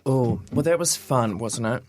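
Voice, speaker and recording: A man, co-hosting a casual radio chat and reading quiz items aloud in a steady list. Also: mid-range voice, a little slow. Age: 20s. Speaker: radio co-host. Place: radio studio.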